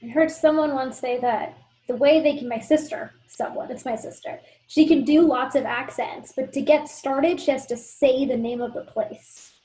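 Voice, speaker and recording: High-voiced woman hosting a video call. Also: fairly even intonation, normal speed, warm tone, low-quality recording. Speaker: host. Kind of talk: casual video call chat.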